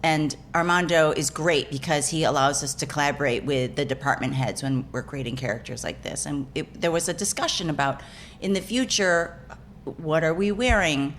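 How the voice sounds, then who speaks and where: A woman's voice: deep voice, normal speed, a bit bright, a little hiss or hum. A woman actor, a guest in a casual interview, telling rambling stories with frequent restarts and laughs. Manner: rambling, self-correcting, laughing storyteller.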